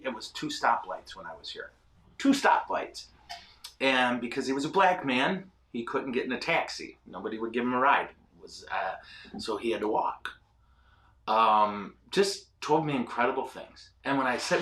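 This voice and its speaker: A man hosting a casual ministry show, telling animated, self-deprecating stories with lots of fillers. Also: mid-range voice, roomy sound, recorded from a distance. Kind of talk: casual storytelling chat. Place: ministry studio.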